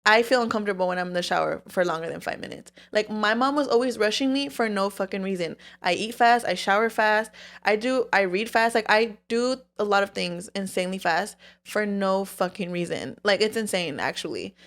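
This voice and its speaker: Young woman co-host, casual candid chat, swears freely, middle-pitched voice. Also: a little fast, a bit bright. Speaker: podcast co-host.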